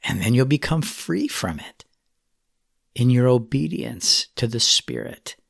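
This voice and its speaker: A man giving a sermon, speaking in an earnest, measured way as he exhorts his listeners. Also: mid-range voice, expressive, gravelly, fairly bright tone, dry recording, studio quality. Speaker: preacher.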